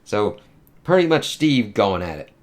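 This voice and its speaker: A man with a lowish voice talks through a comic book in a loose, unscripted way. He swears freely and keeps reaching for fillers as he goes. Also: very animated, a little slow. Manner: rambling, profane, many fillers. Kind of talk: casual spoken review.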